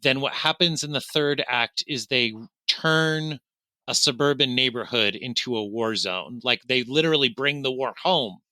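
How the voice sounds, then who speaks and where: A man co-hosting a film podcast, animated and casual, swearing and acting out bits of scenes. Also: mid-range voice, normal speed, dry recording. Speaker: podcast co-host.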